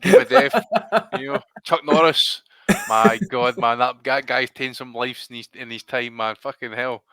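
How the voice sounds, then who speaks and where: A man's voice: mid-range voice, fairly even intonation, moderate pace, pushed and bright, clean tone, dry recording. A man, joking in casual podcast chat. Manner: playful, joking banter. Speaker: podcast co-host.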